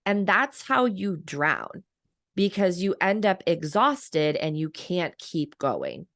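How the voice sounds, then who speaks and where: A woman's voice: lowish voice, very animated, slow pace, a bit bright, dry recording, studio quality. A woman in her thirties, a coach and author, talking reflectively in a podcast interview and laughing often.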